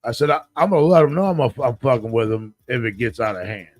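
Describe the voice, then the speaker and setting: A man's voice: medium pitch, quick pace. A man in casual chat, telling a story with lots of swearing and acting out what everyone said. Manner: profane, animated storyteller acting out quotes.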